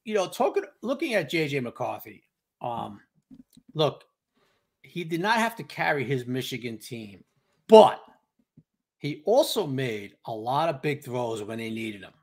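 This podcast co-host has a mid-range voice and is very animated, though he speaks a little slowly with long pauses. On a laid-back sports talk show, he repeats himself for emphasis and mimics others' reactions.

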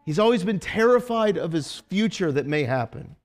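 A man's voice: high voice, lively intonation, normal speed. A male pastor preaching a casual, conversational sermon in a church, rambling with restarts.

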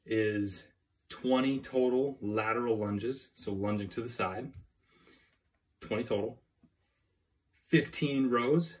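Young male fitness coach, somewhat low voice, winded, upbeat, repeats counts. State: out of breath. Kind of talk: workout instructions to camera.

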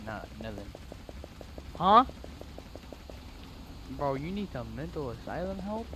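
Excitable gamer doing casual play-by-play commentary; animated pitch and lots of yelping, over a noisy hiss. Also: slow, pauses often. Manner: excitable trash talk, yelps and gasps. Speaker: gamer playing online.

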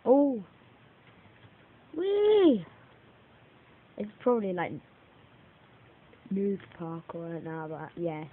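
A woman giving live commentary on her own gameplay, excitable, laughing and mocking herself. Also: fairly low pitch, a little slow, pauses often. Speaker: gaming video maker. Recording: tinny lo-fi mic with faint hiss.

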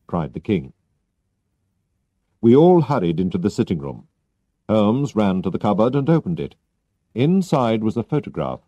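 A man reading a story slowly and clearly for English learners. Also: sits low, dark tone, dry recording. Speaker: narrator. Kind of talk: scripted narration for English learners. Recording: dull lo-fi recording.

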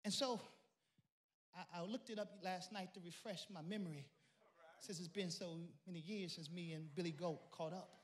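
A male pastor a sermon, telling a story and building to shouted praise. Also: high voice, steady tone, normal speed, slight background noise.

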